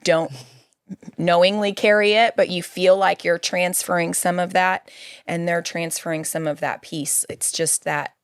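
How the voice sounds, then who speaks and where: Reflective woman host with a deep voice and a dry, close sound. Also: steady tone, a little slow, clear, resonant tone, no room sound. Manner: reflective, conversational, thinks aloud. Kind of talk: casual interview chat.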